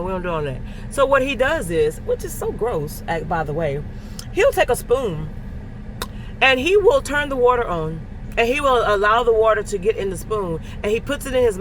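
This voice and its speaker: Middle-aged woman, teacher vlog, emphatic, repeats herself, clear street and car noise behind. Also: on the low side. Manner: emphatic, repeats phrases for stress. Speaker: first grade teacher. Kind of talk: casual faith-filled vlog talk.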